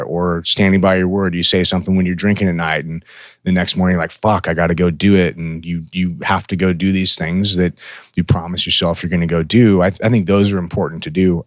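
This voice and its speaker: A man's voice: deep voice, steady tone, fast talker, no room sound, studio quality. A man co-hosting a podcast in casual chat, blunt and profane, acting out the voices in his head. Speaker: podcast co-host.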